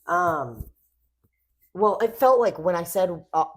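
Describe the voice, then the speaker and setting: A woman's voice: lowish voice, slow pace. A young woman co-hosting a podcast, rambling and swearing as she tells stories in casual chat. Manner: rambling, swears a lot, animated storytelling. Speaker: podcast co-host.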